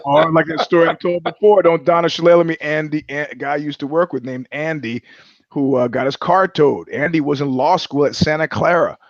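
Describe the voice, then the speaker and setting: A man with a fairly high voice tells rambling stories on a podcast, swearing as he goes and acting out what people said. His voice sounds dull and dry, recorded close without any room sound. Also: steady tone, brisk, dry recording. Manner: rambling storyteller, swears often, acts out quotes. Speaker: podcast co-host. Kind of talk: casual chat.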